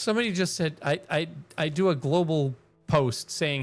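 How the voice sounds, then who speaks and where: A man's voice: a little high, animated, brisk, few pauses, faint music behind. A man giving casual live-stream commentary while playing a game, rambling, swearing freely and laughing often.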